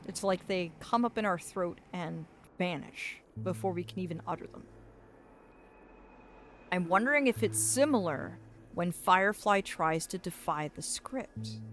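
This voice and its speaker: A woman's voice: mid-range voice, fairly bright tone. A woman streaming a game live, chatting playfully and reading game lines aloud as she plays. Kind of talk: live gameplay commentary. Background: game music.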